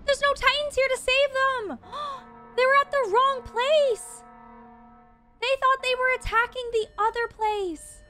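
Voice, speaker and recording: A woman hosting a reaction video, excitable and gasping often, talking to her viewers. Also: very high voice, measured pace, faint music behind.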